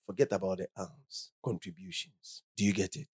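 A man's voice: low-pitched, normal speed, hardly any pauses, a little mellow, husky, no room sound, studio quality. A man preaching a sermon, reading scripture with rising emphasis and asking the congregation call-and-response questions.

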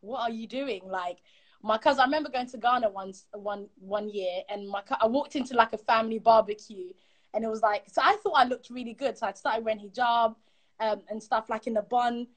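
Young woman guest, quick animated storytelling, slightly high voice. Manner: animated, quick, acts out quotes. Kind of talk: personal storytelling in conversation.

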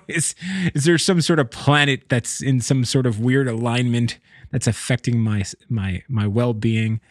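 A man's voice: medium pitch, no echo, clean studio sound. A man telling a personal story in a rambling, casual way, often breaking off and laughing. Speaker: vlogger.

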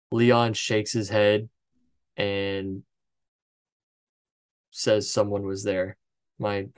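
Casual man recapping a film. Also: fairly low pitch. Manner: casual, swears, recaps from notes with asides. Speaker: podcast host. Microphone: headset.

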